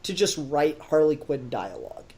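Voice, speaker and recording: A man co-hosting a casual podcast film review, talking with animated energy, laughing often and swearing casually. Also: fairly high pitch, normal speed, a little hiss or hum. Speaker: podcast co-host.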